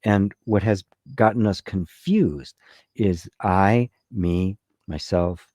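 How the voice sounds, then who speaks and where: A man giving a spiritual talk and answering a live chat in a soft-spoken, conversational way, often asking "right?". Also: sits low, slow, no room sound, clean studio sound. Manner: conversational, repeats words, says "right?" often. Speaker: spiritual teacher.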